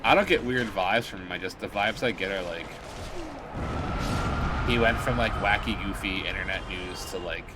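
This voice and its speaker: A man with a fairly low voice rambles in casual chat while he plays a game on stream, full of jokey asides and filler words. Game noise with gunfire and engines rumbles clearly behind him. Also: normal speed.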